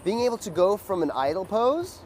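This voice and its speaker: A man teaching a dance lesson in a loose, casual way, with many fillers and beat sounds like "boom.". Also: sing-song, brisk, a little mellow, a little hiss or hum.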